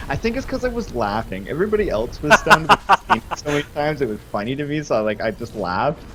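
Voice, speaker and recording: A young man in his twenties, chatting and telling a high school story while streaming a game, animated and full of fillers. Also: fairly quick, background noise. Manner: animated, laughing, lots of fillers. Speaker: gaming streamer. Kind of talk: casual storytelling while gaming.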